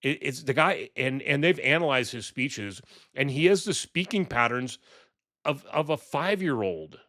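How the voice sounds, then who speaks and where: Man, political vlog rant, exasperated, mocking, swears, lots of ums, medium pitch. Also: lively intonation, a little slow, pushed and bright. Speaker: political commentator. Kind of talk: ranting political commentary vlog.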